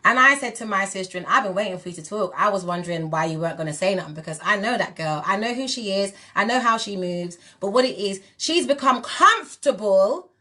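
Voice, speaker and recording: Forceful British woman slipping into patois. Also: medium pitch, fast, few pauses. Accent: British English mixed with Jamaican patois. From England. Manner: emphatic, confrontational, repetitive. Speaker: musician and spiritual wellness figure. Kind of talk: livestream rant.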